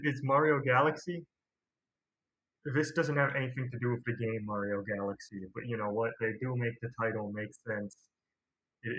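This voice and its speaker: A man's voice: medium pitch, fairly bright tone, a little hiss or hum. A man hosting a casual movie review video, rambling and slangy with a sarcastic streak. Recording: dull lo-fi recording.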